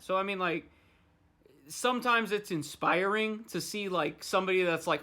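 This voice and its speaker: A man's voice: high voice, moderate pace, sharp tone. A man hosting a podcast, ranting in loose, profane casual chat. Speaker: podcast host.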